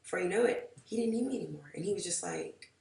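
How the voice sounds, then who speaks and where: A woman vlogger tells a storytime in a frank, rambling way, swearing freely and saying "like" constantly. Her lowish, darkish voice swings hugely in pitch, she talks fast, and there's vocal fry. The recording has a roomy echo with the mic placed far off.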